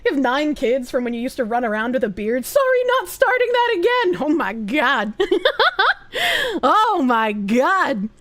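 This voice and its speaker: A woman streamer talks casually to her chat, crude and teasing, often breaking into laughter. Her voice sits high and moves with lively swings in pitch. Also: fairly quick.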